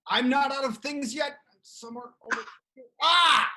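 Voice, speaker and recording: A woman improv performer doing scenes and one-liners from home over a video call, with an excitable, flustered manner. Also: high-pitched, moderate pace.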